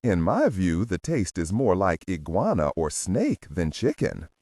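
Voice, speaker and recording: A man voicing a courtly, formal FBI agent with a Southern drawl, speaking slowly in a low, husky voice. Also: huge pitch swings, a little mellow, no room sound, studio quality, exaggerated voice.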